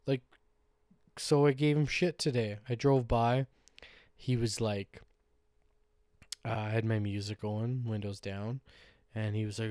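A man's voice: medium pitch, fairly even intonation, measured pace, pauses often, a little mellow, smooth, no echo, clean studio sound. A man hosting a solo podcast, chatting casually in a loose, rambling, joking way with some swearing. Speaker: podcast host. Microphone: podcast microphone.

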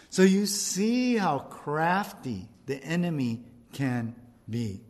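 A man's voice: on the high side, very animated, slow pace, a little mellow. A male pastor giving a casual, conversational sermon and often speaking to the crowd as "you guys". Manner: conversational preaching, addresses the audience as "you guys".

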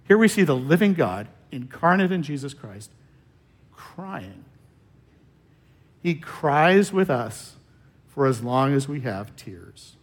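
A man preaching a sermon, reading scripture and explaining it in a slow, measured way with long pauses and phrase endings that trail off softly. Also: medium pitch, big pitch swings. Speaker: pastor.

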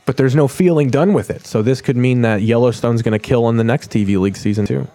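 Flipping through channels, this male podcast host rambles, jokes and swears in a casual chat. He talks fast at a medium pitch with a dark tone, and the recording is dry.

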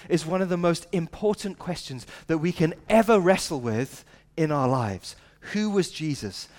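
A man's voice: on the high side, a little mellow. A middle-aged man preaching a sermon at a church service, earnest and conversational, asking rhetorical questions. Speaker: pastor.

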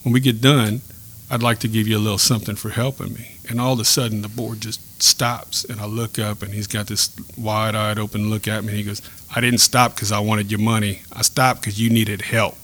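A man's voice: lowish voice, flat delivery, fairly bright tone, slight background noise. Earnest man telling a faith story. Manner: earnest, reflective storytelling with pauses and restarts. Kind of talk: personal testimony in a podcast chat.

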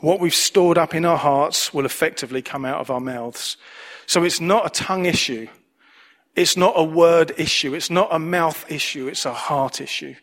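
A man's voice: on the high side, normal speed, a bit bright. A man preaching a sermon as pastor, earnest, repeating key phrases for emphasis.

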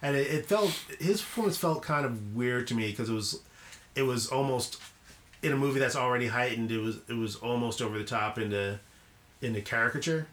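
A man co-hosting a film podcast, talking in a casual, halting way with many ums and restarts. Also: medium pitch, fairly bright tone, slight background noise. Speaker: podcast co-host.

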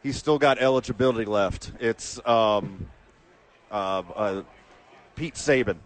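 A man co-hosting a sports radio show, cracking deadpan jokes. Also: on the low side, unhurried.

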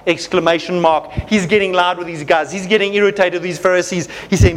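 A man preaching a sermon, reading scripture aloud and commenting with animated emphasis. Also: sits high, a little fast, hardly any pauses.

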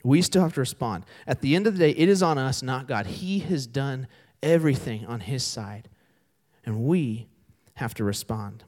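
A man's voice: mid-range voice, normal speed. A young man preaching a sermon in a church, telling a story and acting out its characters. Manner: animated storytelling with voiced characters. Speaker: pastor. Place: church sanctuary.

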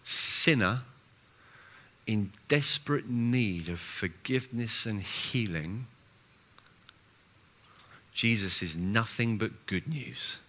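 Speaking at a slow pace with frequent pauses, a man with a fairly low voice preaches as a senior pastor. He is animated and self-mocking, restarts often, and lurches between loud and soft.

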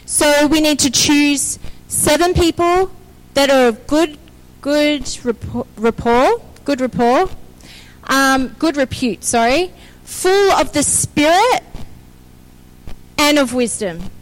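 A woman preaching a sermon, energetic and exhorting, often calling out for an amen. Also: high voice, slow, low-quality recording.

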